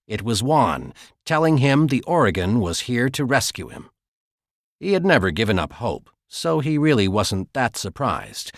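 A man narrating a thriller audiobook in a steady, measured storytelling voice. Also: mid-range voice, no echo, studio quality. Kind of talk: scripted narration.

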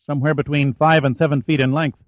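A man voicing a young male sonar operator giving brisk, raised reports, in a dull, dry audiobook recording. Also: on the high side, flat delivery, no room sound, voice pushed up, lightly acted. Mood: reporting.

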